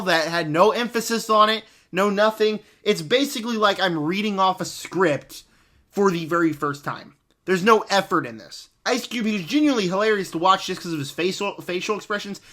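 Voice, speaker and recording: A man reviewing a film in a casual spoken rant, sarcastic and mocking, swinging between animated exasperation and flat disbelief. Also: high-pitched.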